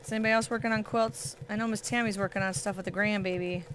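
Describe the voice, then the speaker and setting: A middle-aged woman hosting a casual quilting livestream, chatting excitedly with viewers as she sews. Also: mid-range voice, quick pace, a little hiss or hum. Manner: bubbly, chatty, talks to viewers by name. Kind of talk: casual livestream chat while sewing.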